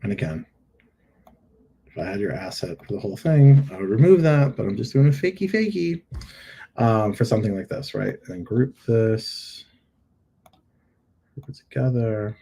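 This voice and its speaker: A man's voice: on the low side, sing-song, normal speed, vocal fry, long pauses, mellow, slight background noise. A middle-aged man hosting a live review, joking and thinking aloud while he edits images on screen. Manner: playful, jokey, thinks aloud while editing. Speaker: host giving live product listing reviews. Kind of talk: live screen-share critique.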